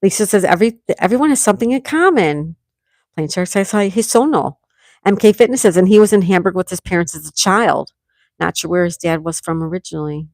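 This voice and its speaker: A woman's voice: on the low side, animated, brisk, darkish tone, dry recording, clean studio sound. A woman in her sixties from New York State, hosting a casual livestream and chatting as she reads viewers' comments aloud. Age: 60s. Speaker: livestream host. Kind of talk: casual live chat reading comments.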